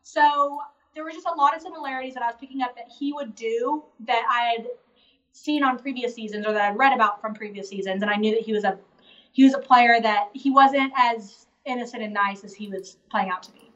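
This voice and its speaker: A woman chatting casually as an interview guest, quick and full of "like" fillers. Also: on the high side, a bit bright. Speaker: interview guest, reality show contestant. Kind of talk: casual live Q&A chat. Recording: distant, dull remote call audio.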